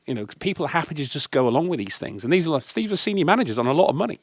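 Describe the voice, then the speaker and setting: A man from the UK on a discussion panel, telling emphatic, animated stories about leadership. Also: fairly high pitch, very fast, hardly any pauses, no room sound. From United Kingdom. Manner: emphatic, animated anecdotes with acted quotes. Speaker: guest speaker on leadership.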